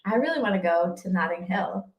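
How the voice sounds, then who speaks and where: A woman's voice: fairly low pitch, lively intonation, brisk, a little hiss or hum. A woman co-hosting a casual spiritual livestream chat, talking earnestly about pushing through setbacks. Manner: earnest, self-described stubborn, giving life advice. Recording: echoey room.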